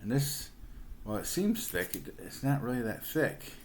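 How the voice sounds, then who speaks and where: A man's voice: medium pitch, sing-song, a little slow, a little hiss or hum. A middle-aged man chatting casually, rambling with lots of fillers and restarts as he shows off his purchases. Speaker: comic book collector. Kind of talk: casual show-and-tell vlog.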